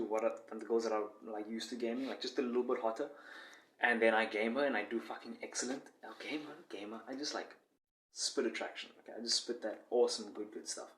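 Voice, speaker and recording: A man's voice: mid-range voice, echoey room. A young man in a casual vlog monologue, talking in a boastful, rambling way with many fillers.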